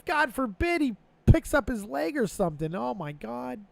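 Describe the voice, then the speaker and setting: An American man hosting a casual livestream chat, joking loudly with crude banter and frequent laughter. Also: very high voice, sing-song, moderate pace, vocal fry, no room sound. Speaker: podcast host.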